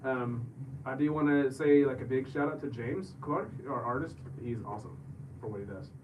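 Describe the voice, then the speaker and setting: A young man co-hosts a live podcast recording, rambling through his points with plenty of fillers. His voice sits at a middle pitch and comes from some distance away from the mic. A steady background noise runs underneath him. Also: normal speed. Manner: rambling, laughs often, filler-heavy. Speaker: podcast co-host. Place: convention event space.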